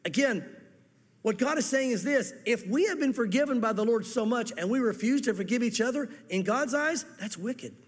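A pastor with a very high, animated voice preaches an earnest sermon at a moderate pace. He gives the parable's dialogue different voices, and the recording carries a long hall reverb.

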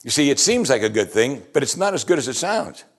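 A man preaching a sermon in a conversational way, asking rhetorical questions and rising into animated bursts of emphasis. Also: medium pitch, a little fast.

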